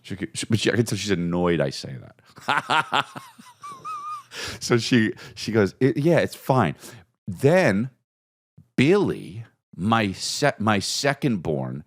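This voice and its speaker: Lively low-voiced comedian telling a story. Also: male voice, slow pace, long pauses. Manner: animated, acts out quotes with big pitch jumps. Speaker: podcast host.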